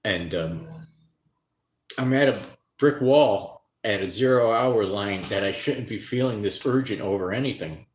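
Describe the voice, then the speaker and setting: A tired man talking to camera in a halting, rambling, distressed way, with many restarts. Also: lowish voice, slight background noise. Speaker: vlogger. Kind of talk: unscripted personal vlog to camera. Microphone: camera mic. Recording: roomy echoey room.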